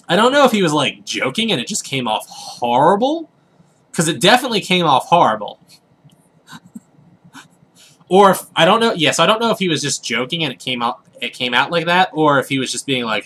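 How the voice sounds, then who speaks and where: A young man hosting a let's play rambles through a story while commenting on a video game, his chat full of fillers and asides. His voice sits on the high side, very animated, brisk, a bit bright and husky.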